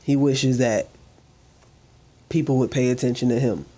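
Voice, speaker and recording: A man hosting a reaction commentary video, talking earnestly and sometimes softly to his dog. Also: mid-range voice, fairly even intonation, measured pace. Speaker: commentary channel host.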